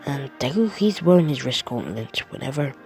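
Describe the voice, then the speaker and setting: A man's voice: medium pitch, expressive, normal speed, creaky, a little mellow, faint music behind, rough recording. A man improvising a fan story as a storyteller, rambling and often dropping to a whisper. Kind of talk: improvised fan-fiction narration.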